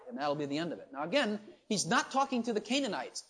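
A man preaching a sermon, shifting from low, quiet asides to loud, rising questions to the congregation. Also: very animated, fast talker, few pauses, breathy edge.

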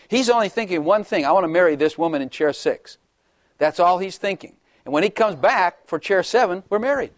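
An older man preaches in a loose, joking way, laughing often between lines. His voice sits a little high for a man. The sound is dry and close, with no room echo. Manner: chatty, jokey, laughs often, acts out voices. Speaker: pastor. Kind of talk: humorous sermon.

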